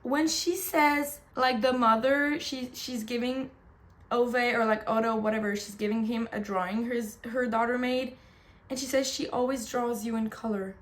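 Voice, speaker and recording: A woman's voice: fairly high pitch, fairly even intonation, moderate pace. A young woman booktuber chatting casually, rambling and gushing emotionally about books and a film. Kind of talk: casual chat. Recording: faint background noise.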